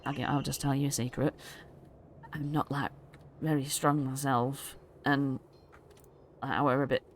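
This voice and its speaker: A man's voice: mid-range voice, flat delivery, normal speed, slight background noise, natural voice. A woman voicing a timid, doting father who frets and gushes over his children in a tabletop game. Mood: sheepish. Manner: gushing and fretful. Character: timid, doting middle-aged human father.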